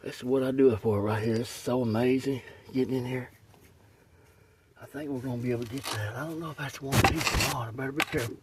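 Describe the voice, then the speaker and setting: A man vlogging as he digs for gemstones, chatty and excited, talking to viewers and breathing hard from the work. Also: medium pitch, fast. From Tennessee. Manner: excited, chatty, keeps addressing viewers as y'all. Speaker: rockhounding vlogger. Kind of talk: casual first-person narration while digging. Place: muddy riverbed outdoors. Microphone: phone camera, point-of-view. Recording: distant phone mic with clear outdoor noise.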